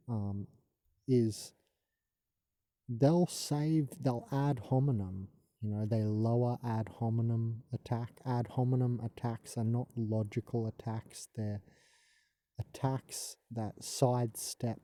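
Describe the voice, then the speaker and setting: A man's voice: mid-range voice, mellow, no echo, studio quality. A man delivering a rambling, indignant spiritual monologue, full of fillers and restarts. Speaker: video monologue host.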